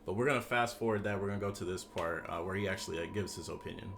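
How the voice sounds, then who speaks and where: Man, reaction video host, low voice, casual chatter, faint background noise. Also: racing, gravelly, fairly bright tone. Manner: chatty, questioning, thinks aloud with fillers.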